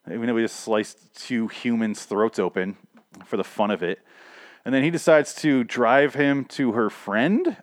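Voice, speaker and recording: Young male podcaster, deep-ish voice, dry close sound, sarcastic and profane comic recapper. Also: dry recording. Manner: sarcastic, profane, acts out characters in quick asides. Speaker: podcaster reviewing a TV episode. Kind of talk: casual comedic recap.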